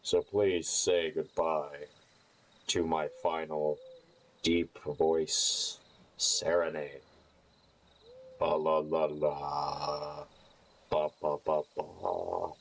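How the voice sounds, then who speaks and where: A streamer voicing a deep, brooding messenger, delivering mock-grandiose, theatrical pronouncements. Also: level tone, very slow, gravelly, pauses often, exaggerated voice, poor audio. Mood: mock-solemn.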